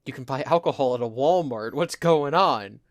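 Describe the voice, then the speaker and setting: A man's voice: mid-range voice, moderate pace, dry recording, studio quality. Rambling young man with a Jersey accent. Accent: New Jersey. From New Jersey. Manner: rambling, laughs often. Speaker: podcast co-host. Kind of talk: casual chat.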